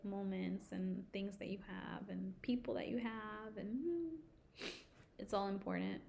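A young adult woman co-hosting a podcast who chats casually, tells stories in an animated way and laughs a lot. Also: medium pitch, a little slow, vocal fry, slight background noise. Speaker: podcast co-host. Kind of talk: casual chat.

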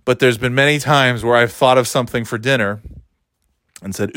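A low-voiced man rambles through a solo podcast, sarcastic and swearing freely. He talks into a phone as he paces, and the sound is dry and close. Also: normal speed, fairly bright tone, smooth, no echo. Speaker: podcast host. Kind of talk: casual solo podcast monologue. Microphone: phone held while walking.

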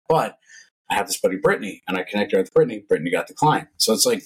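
A man guesting on a podcast, a personal trainer in casual chat, telling animated stories and acting out quotes. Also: fairly low pitch, rapid-fire, slightly rough, rough recording. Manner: animated storytelling, acts out quotes.

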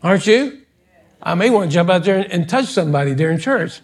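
High-pitched preacher guy scolding the church, gets loud and fired up. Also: expressive, brisk, husky. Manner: preachy and scolding, builds to fervent. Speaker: pastor. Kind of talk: sermon. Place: church sanctuary.

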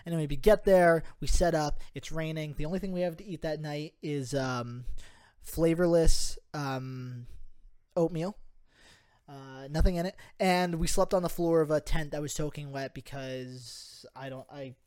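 A man's voice: fairly high pitch, a little slow, darkish tone, clear, resonant tone. A young man on a podcast, casually telling a story, acting out quotes and swearing freely. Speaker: podcast host.

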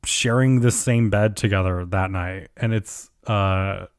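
A man's voice: low voice, measured pace, smooth, no echo, clean studio sound. A man hosting a podcast, recapping a reality show in casual chat, gossipy and swearing, acting out quotes with lots of fillers. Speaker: podcast host.

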